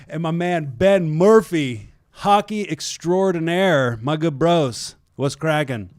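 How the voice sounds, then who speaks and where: A male podcast host with a fairly high voice, upbeat and quick with a joke. He keeps the casual chat light with playful interjections. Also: dry recording, clean studio sound.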